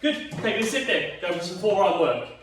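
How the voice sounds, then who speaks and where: A man's voice: sits high, animated, normal speed, fairly bright tone, a little hiss or hum. A man leading a home exercise class, tired and yawning, chatty and encouraging as he counts reps. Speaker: fitness instructor. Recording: very echoey room, mic at a distance.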